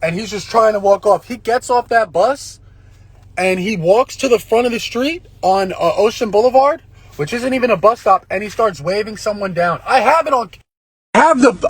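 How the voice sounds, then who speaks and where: High-voiced man rambling on a livestream. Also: normal speed, slightly rough. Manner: profane, rambling, excitable. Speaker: live-streamer. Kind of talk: casual live-stream storytelling. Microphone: phone.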